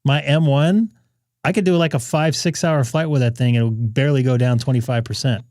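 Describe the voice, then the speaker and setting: A man's voice: medium pitch, fairly even intonation, fairly quick, darkish tone, dry recording, clean studio sound. A man hosting a ham radio live stream, chatting casually and rambling in asides to his viewers.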